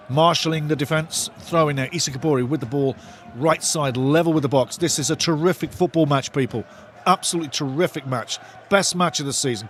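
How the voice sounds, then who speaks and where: A man hosting a live football watch-along, commentating excitedly, shouting at big moments and reading viewer comments aloud, often repeating his phrases. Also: a little high, a little hiss or hum.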